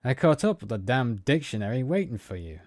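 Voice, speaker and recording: A man's voice: mid-range voice, big pitch swings, brisk, darkish tone, no echo, studio quality. A man voicing a young male soldier who is a loyal, worried friend, urging and coaxing. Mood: grumbling. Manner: urgent, coaxing.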